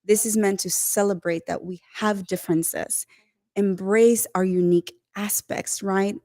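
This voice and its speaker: A woman's voice: medium pitch, steady tone, measured pace, a little mellow, no room sound, studio quality. A woman speaking earnestly and emotionally as a panelist in a casual group talk.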